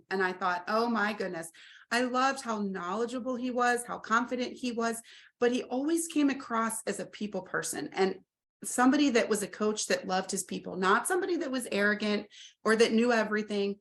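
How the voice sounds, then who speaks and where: Mom in her 40s telling stories in an interview, highish voice, does all the voices in her quotes. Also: normal speed. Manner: animated, acts out quoted dialogue. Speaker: guest, RV business owner. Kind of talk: casual storytelling interview.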